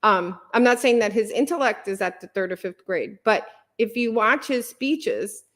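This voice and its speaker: Female podcast guest, earnest and impassioned, fairly high voice, frequent fillers. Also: lively intonation, normal speed, fairly bright tone. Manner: earnest, passionate, many fillers and restarts. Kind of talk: conversational interview.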